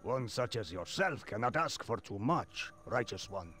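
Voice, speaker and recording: An actor playing a gruff blacksmith who speaks in formal, archaic phrases, from a video game. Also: male voice, lowish voice, big pitch swings, measured pace, fairly bright tone. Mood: respectful. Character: gruff middle-aged male blacksmith. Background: game music.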